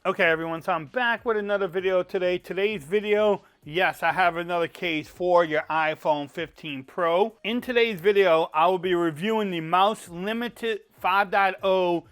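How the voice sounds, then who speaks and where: A man's voice: high-pitched, normal speed, few pauses, a bit bright, clear, resonant tone. A man with a Cajun accent, chatting casually as he reviews a phone case in a folksy way. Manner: chatty, folksy, says y'all. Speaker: tech reviewer.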